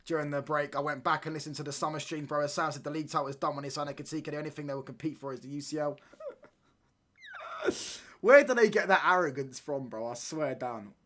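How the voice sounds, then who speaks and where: A man hosting a live football watchalong, talking in excitable, slangy banter and reacting to the play as it happens. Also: on the high side, very fast, hardly any pauses, slight background noise. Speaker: watchalong streamer.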